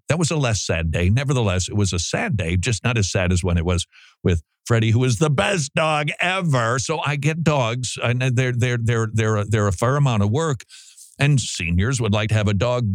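Male radio host, lively pitch, chatty and joking, dry studio sound. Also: moderate pace, no echo. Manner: chatty and joking, laughs often. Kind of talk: casual radio monologue. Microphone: studio microphone.

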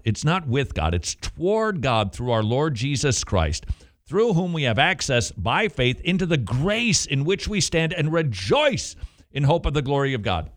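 A man's voice: a little high, measured pace. A man hosting a Christian radio talk show, chatting casually and drifting into passionate preaching. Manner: animated, teasing, slips into sermon cadence.

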